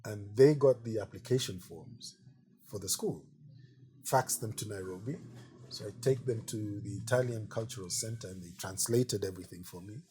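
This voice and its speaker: Middle-aged man, mellow tone, chatty storyteller in an interview. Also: lowish voice, normal speed, a little hiss or hum. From Kenya. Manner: chatty, peppers speech with "you know". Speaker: artist interviewee. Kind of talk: relaxed anecdotal storytelling.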